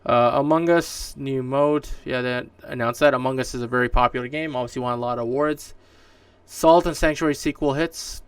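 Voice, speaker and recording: A solo podcast host from Canada talks fairly quickly in a clear, resonant, medium-pitched voice with fairly even intonation. He rambles through gaming news casually, full of fillers and false starts. The mic is distant, the room dry, with no echo.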